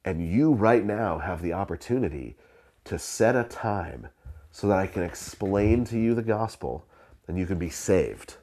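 A very low-voiced, slightly mellow preacher shares a sermon story in an animated but unhurried, conversational way. Fillers and restarts trip him up, and he chuckles as the story goes on.

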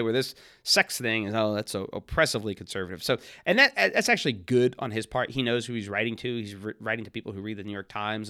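Man, podcast host, lowish voice, quick talker, reads aloud and comments, conversational asides. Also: fairly bright tone, no echo, studio quality. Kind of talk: reading aloud and commenting on an article.

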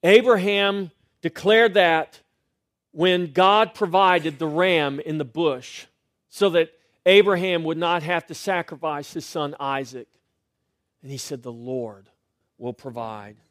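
A man's voice: a little high, no room sound. Emphatic preaching man, dry sound. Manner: emphatic preaching, swings between loud rises and hushed refrains. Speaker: pastor. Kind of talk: sermon.

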